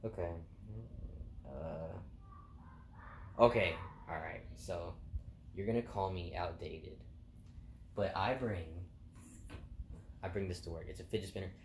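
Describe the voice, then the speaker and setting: A man's voice: sits low, darkish tone. A young man casually telling funny stories from his job, often laughing, rambling and swearing. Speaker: vlogger telling work stories. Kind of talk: casual storytelling. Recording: echoey room with faint noise.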